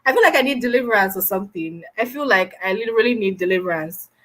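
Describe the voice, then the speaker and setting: A middle-aged woman hosting a casual live stream, talking loudly and with lots of energy, on a built-in mic with no lapel mic. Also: medium pitch, fast. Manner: loud, animated, says she is always shouting.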